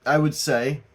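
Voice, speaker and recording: Slow-talking man giving a casual tarot reading. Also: fairly high pitch. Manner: laughing, swearing, rambling and animated. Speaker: tarot reader.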